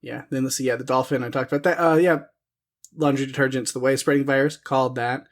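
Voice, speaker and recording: A man co-hosts a podcast, talking casually about a movie at a middling pitch. His delivery is wry and sarcastic, and he laughs often between his points. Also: steady tone, fast talker. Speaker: podcast co-host. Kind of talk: casual chat reviewing a film.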